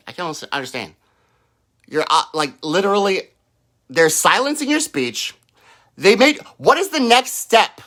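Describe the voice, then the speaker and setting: Ranting angrily and profanely on a livestream, a male political streamer mocks his targets by quoting them, recorded on his own microphone. His voice is bright and sharp, its pitch swinging up and down nonstop.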